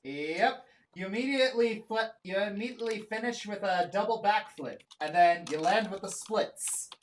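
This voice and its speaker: Lively man running a tabletop game. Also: high voice, moderate pace, recorded from a distance, rough recording. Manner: lively, animated narration with restarts. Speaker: game master.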